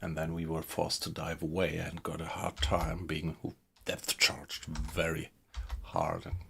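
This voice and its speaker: A man's voice: a bass voice, unhurried, creaky, a bit bright, a little hiss or hum. A man with a German accent, chatting casually to viewers while streaming a video game. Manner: chatty, thanks viewers, laughs often. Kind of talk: casual live-stream commentary.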